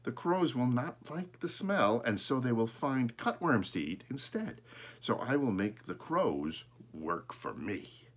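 A man's voice: medium pitch, sing-song, a little slow, husky. A man voicing a jovial farm father who teases and explains things in a storybook reading.

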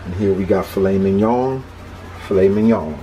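A man with a Philadelphia accent talks his way through cooking in a loose, chatty vlog manner, often circling back to the same phrase. His voice sits on the low side. Steady background noise runs under the recording. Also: moderate pace. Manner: laid-back, chatty, repeats himself. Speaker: cooking vlogger.

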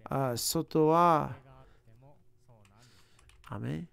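Slow, gravelly man muttering over study. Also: a little high, fairly bright tone, no room sound. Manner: muttering, sounding out words and joking to himself. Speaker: language learner. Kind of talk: self-talk while studying.

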